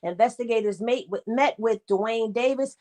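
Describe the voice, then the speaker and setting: A woman co-hosting a casual talk show, with a fairly high voice. She reads through official documents aloud, stops to correct typos, and drops in short comments as she goes. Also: a little mellow. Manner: reads aloud and adds quick asides. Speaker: co-host.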